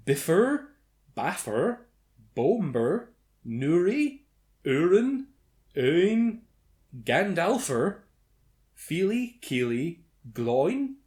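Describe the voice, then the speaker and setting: A man's voice: on the high side, darkish tone. Guy hosting a movie commentary, sarcastic and sweary, voice bouncing all over. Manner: sweary, sardonic, exaggerated mock outrage. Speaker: podcast host reading film trivia. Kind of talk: casual movie commentary chat.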